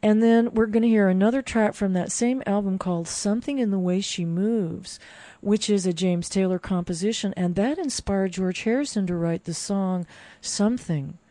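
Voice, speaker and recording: A woman's voice: mid-range voice, moderate pace, warm tone, dry recording. A woman hosting a music program, telling the story behind a record in a chatty, enthusiastic way with casual fillers. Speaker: music radio host.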